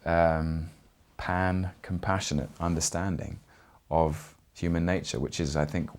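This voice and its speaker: A young man from Britain, an actor speaking in an interview, earnest and reflective with frequent pauses. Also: deep voice, little pitch movement, a little mellow.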